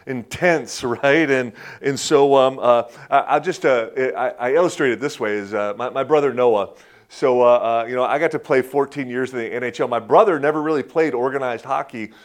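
A man in his fifties preaching a conversational sermon, telling personal stories in a folksy way with many restarts and chuckles. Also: medium pitch. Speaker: pastor.

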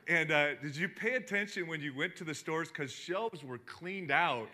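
Pastor guy preaching, chatty and rambly, bright tense voice, lots of stops and restarts. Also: a little high, moderate pace. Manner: conversational, rambling with many restarts and fillers. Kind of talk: sermon.

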